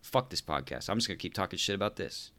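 A man's voice: low voice, expressive, fast, sharp tone. A man hosting a podcast, ranting sarcastically and with exasperation, swearing constantly and calling people "dude". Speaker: podcast host. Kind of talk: profane comedic rant.

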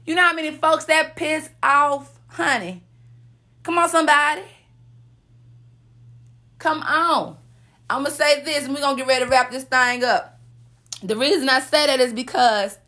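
Podcast host, woman; high-pitched, sassy, motivational preaching. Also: bright, forceful tone. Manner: sassy, preachy, calls out to listeners with "honey" and "come on, somebody".

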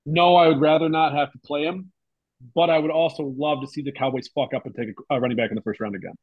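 A young man with a husky, slightly high voice talks blunt, profane sports banter. He is recorded dry and close. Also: fairly even intonation, quick pace, no echo, phone-quality sound. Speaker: podcast co-host. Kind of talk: casual sports chat.

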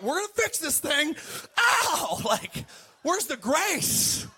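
A middle-aged man preaching a sermon as pastor, animated and joking, with sudden shouted peaks and mocking quoted voices. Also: high voice.

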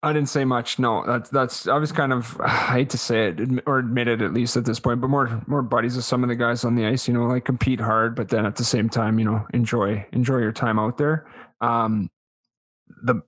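A man's voice: mid-range voice, steady tone, a little fast, fairly bright tone, no room sound, clean studio sound. A man guesting on a casual podcast, telling a story in an easygoing, self-deprecating way. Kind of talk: casual chat.

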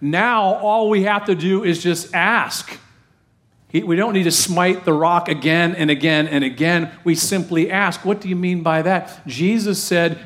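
A man's voice: fairly high pitch, measured pace, a bit bright. Man preaching with questions to the crowd. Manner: conversational preaching with questions to the congregation. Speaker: pastor. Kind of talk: sermon.

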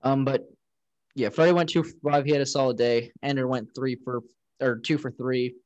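A man's voice: mid-range voice, steady tone, normal speed, darkish tone, dry recording, dull audio. Casual man recapping baseball stats. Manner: rambling, recaps stats with frequent restarts. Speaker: podcast co-host. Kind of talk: casual sports chat.

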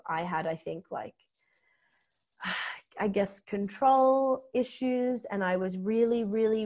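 Animated young Australian woman telling stories. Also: mid-range voice. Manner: animated, swings into acted-out quotes. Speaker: podcast guest, comedian. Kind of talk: candid comic storytelling.

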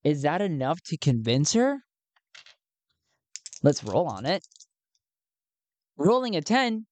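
Slow, low-voiced woman narrating a solo game. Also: big pitch swings, a little mellow, no echo. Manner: slow and thinking aloud.

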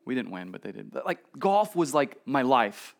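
A man in his thirties preaching a casual, storytelling sermon at a church service, swinging between emphatic lines and quiet asides. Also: mid-range voice, sing-song, normal speed, creaky. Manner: conversational storytelling, shifts between loud emphasis and soft asides. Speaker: pastor.

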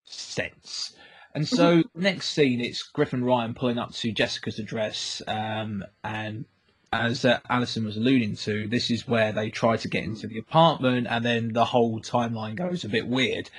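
A man's voice: medium pitch, moderate pace, breathy edge. A man co-hosting a casual podcast, recapping a TV episode in a rambling way and laughing often. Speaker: podcast co-host.

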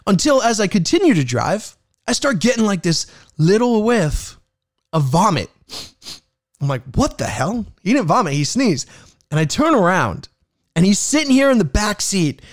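A man telling a casual story in a lively, animated way, cursing freely and acting out every exchange. His voice sits high and leaps around a lot. The recording is dry and close. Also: no room sound. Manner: animated, profane, acts out dialogue. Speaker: rideshare driver.

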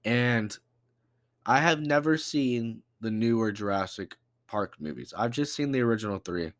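A man's voice: mid-range voice, expressive, normal speed, no echo, studio quality. A young man with a congested voice, hosting a casual solo podcast in a loose, chatty way with lots of fillers and slang. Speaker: podcast host.

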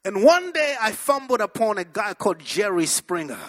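Male pastor, high bright voice, animated sermon storyteller. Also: moderate pace. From abroad, moved to the US in 1998. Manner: animated storytelling, shouts at peaks. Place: church.

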